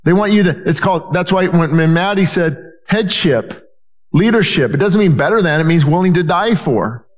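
A man's voice: sits high, lively intonation, normal speed. A man preaching a sermon as pastor, earnest and repetitive, often restarting his phrases and acting out the people he quotes.

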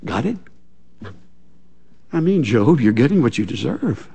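A man's voice: mid-range voice, unhurried, vocal fry, slightly rough. An older man preaching a sermon, telling stories with laughter and acting out little scenes as he goes. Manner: animated storytelling with laughter and acted-out asides. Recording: long reverb from a large hall.

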